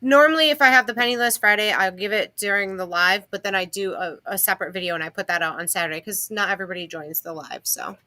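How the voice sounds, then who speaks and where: A woman's voice: medium pitch, quick pace, few pauses, pushed and bright, no echo. A tired woman co-hosting a livestream in casual, rambling chat. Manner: chatty, laid-back, self-interrupting. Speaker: co-host.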